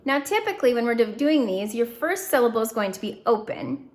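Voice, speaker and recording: Woman, slightly high voice, patient reading teacher drilling syllables. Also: very animated, a little mellow. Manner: slow, clear, encouraging drill prompts. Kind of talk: phonics lesson to young students.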